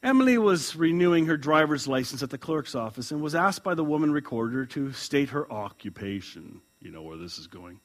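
In his sermon, the pastor reads a story aloud with chuckles, moving between loud and soft delivery. His slightly high voice swings widely in pitch, and he talks briskly with almost no pauses.

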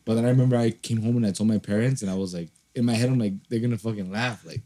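A man's voice: lowish voice, very fast, mellow. A man telling rambling stories in casual podcast chat, full of fillers and swearing. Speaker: podcast co-host.

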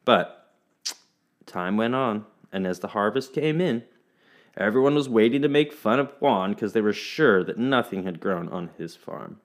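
A man telling a folk tale in an expressive, playful storytelling manner. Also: on the low side, normal speed.

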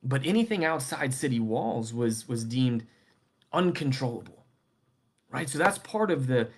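A young adult man delivers a sermon in an easygoing, chatty way. His voice sits at an ordinary middle pitch, and he keeps checking in with the listeners. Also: expressive, measured pace, breathy edge. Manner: conversational, keeps asking "right?". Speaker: preacher. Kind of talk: casual sermon.

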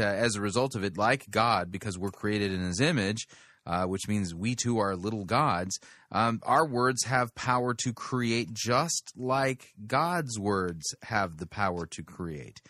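Deliberate, critical man with a low, forceful voice. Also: no echo, clean studio sound. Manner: deliberate, critical, stresses key words. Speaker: podcast host critiquing a sermon. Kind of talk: commentary.

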